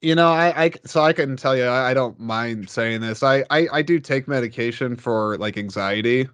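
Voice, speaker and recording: A man in casual podcast conversation, telling stories in an animated way. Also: normal speed, clean tone, dry recording. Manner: animated storyteller who jumps up in pitch.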